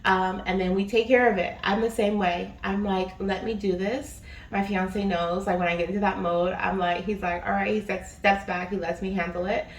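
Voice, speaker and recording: A woman's voice: medium pitch, flat delivery, fairly quick, few pauses. A woman giving a casual spiritual reading, chatty and rambling with many fillers. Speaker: spiritual reader. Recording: echoey room, distant mic, faint noise.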